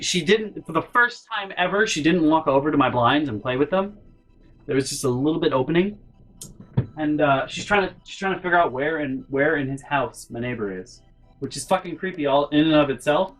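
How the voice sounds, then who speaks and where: A man's voice: fairly quick, faint music behind. Exasperated young man ranting a story. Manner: exasperated, profane, rambling, breaks into loud high shouts. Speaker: vlogger. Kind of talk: casual storytime rant.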